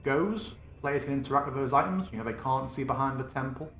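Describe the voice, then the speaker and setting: A man's voice: mid-range voice, fairly quick, fairly bright tone, reverberant, slight background noise. A man running a live tabletop tutorial, thinking aloud casually and correcting himself as he builds a scene. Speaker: game master demonstrating a virtual tabletop. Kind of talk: live screen-recorded tutorial.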